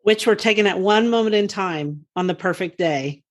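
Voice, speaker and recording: A woman's voice: mid-range voice, moderate pace. A woman co-hosting a podcast in casual chat, talkative and rambling, with frequent laughs and fillers. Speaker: podcast co-host.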